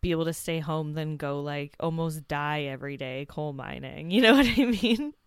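A woman's voice: low-pitched, moderate pace, smooth, dry recording, studio quality. A woman co-hosting a casual podcast recap, laid-back and agreeable, often laughing. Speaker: podcast co-host.

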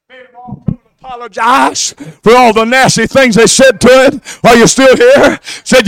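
A male pastor, preaching in a high voice. He shouts rhythmic repeated lines and lets out whoops. The sound is dry and close. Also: steady tone, moderate pace, gravelly, hardly any pauses, no room sound. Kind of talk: Pentecostal sermon and prayer.

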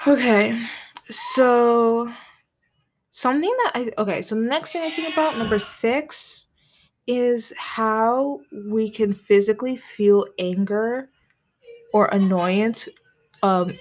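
Speaking slowly in a slightly high voice, an American girl in her late teens talks casually on her own podcast from her home desk. She rambles solo, using "like" as a filler again and again.

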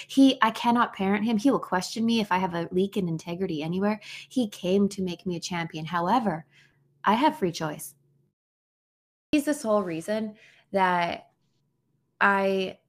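A woman in her thirties co-hosting a podcast, telling a personal story in an earnest, casual way with frequent restarts. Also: lowish voice. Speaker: podcast co-host. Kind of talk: casual heartfelt conversation.

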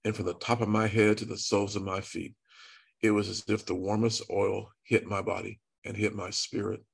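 A man tells his story with earnest drama, acting out each exchange. His voice sits low and gravelly, with a husky edge to it. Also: level tone, normal speed. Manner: earnest, dramatic retelling with quoted dialogue. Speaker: guest speaker. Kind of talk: storytelling testimony.

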